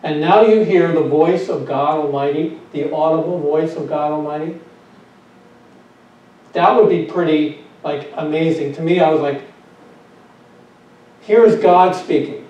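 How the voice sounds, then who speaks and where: A pastor delivers a sermon in a mellow, somewhat high voice, stopping to pose rhetorical questions and circling back over his own phrases. He sits away from the microphone in a very reverberant room. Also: fairly even intonation, normal speed, recorded from a distance, dull audio. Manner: rhetorical questions, repeats phrases, trails off softly.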